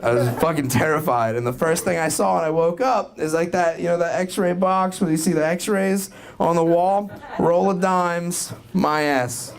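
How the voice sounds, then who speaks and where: A young man from Florida doing a rambling, profane stand-up set, building to loud punchlines. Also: a little high, moderate pace, vocal fry, hardly any pauses. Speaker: stand-up comedian. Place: comedy club with live audience. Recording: crowd noise from live club. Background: crowd laughing.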